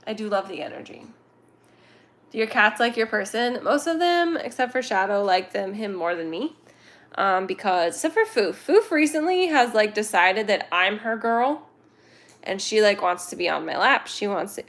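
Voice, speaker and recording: A woman's voice: medium pitch, animated, moderate pace, a bit bright. A young woman hosting a cat rescue livestream, chatting casually with viewers in a playful, giggly, rambling way.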